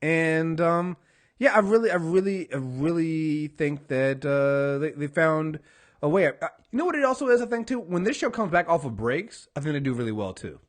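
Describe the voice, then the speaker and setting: A man talks through a TV episode on a casual podcast. His voice sits a bit high and swings widely in pitch as he acts out what the characters said. He swears freely throughout. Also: big pitch swings, moderate pace. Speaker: podcast co-host. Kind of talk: casual TV recap discussion.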